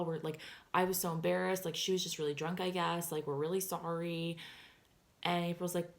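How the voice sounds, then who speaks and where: A woman's voice: fairly low pitch, normal speed, roomy sound. A young woman vlogger telling a story in casual chat, full of "like" and "um", and acting out what people said. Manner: chatty, fillers of "like" and "um" throughout; acts out quoted lines in animated voices.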